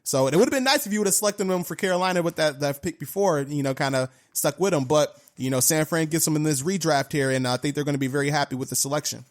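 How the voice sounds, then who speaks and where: A man's voice: a little high, quick pace, few pauses. A man co-hosting a casual sports chat, upbeat and conversational, sometimes repeating himself. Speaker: co-host.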